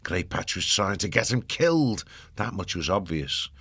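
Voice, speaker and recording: Deep-voiced male audiobook narrator. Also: breathy edge, dry recording. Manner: steady, measured storytelling.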